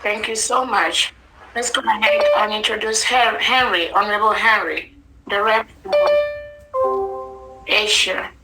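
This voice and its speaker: A woman's voice: medium pitch, fairly even intonation, unhurried, long pauses, poor audio. Polite woman moderating over music. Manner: polite, calling on speakers. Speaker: meeting moderator. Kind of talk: online meeting moderation.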